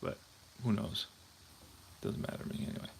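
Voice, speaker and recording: A man hosting a tabletop baseball replay, chatting casually and thinking aloud as he checks scorebooks. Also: normal speed. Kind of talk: casual talk while playing.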